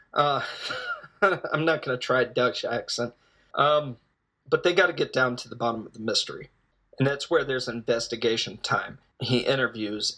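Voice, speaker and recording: A man's voice: medium pitch, pushed and bright. A man casually retelling a film's plot as a reviewer, rambling and hesitant, with jokes along the way. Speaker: film reviewer. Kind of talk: casual spoken film recap.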